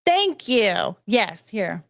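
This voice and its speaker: A woman's voice: medium pitch, sing-song, drawn-out words, creaky, a bit bright. A woman hosting a casual livestream, chatty and self-mocking as she answers her chat. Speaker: livestream host.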